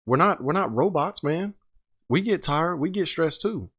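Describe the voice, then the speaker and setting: A man's voice: a little high, expressive, moderate pace, fairly bright tone, slightly rough. A man hosting a reaction show, giving blunt commentary full of rhetorical questions. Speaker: reaction host. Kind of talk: casual commentary on a clip.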